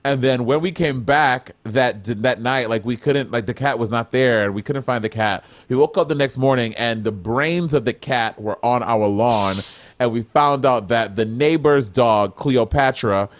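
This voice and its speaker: A man's voice: mid-range voice, moderate pace. A man raised in Brooklyn, New York, co-hosting a podcast and telling stories in a chatty, rambling way. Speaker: podcast co-host. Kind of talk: casual storytelling.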